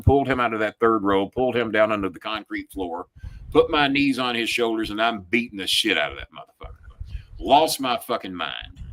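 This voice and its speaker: A man with a lowish, forceful voice hosts a talk show and tells a story in blunt, heated bursts. He swears constantly and pushes hard on key words, building emphasis as the story goes on. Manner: relives the story with rising emphasis. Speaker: show host. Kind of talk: profane storytelling chat.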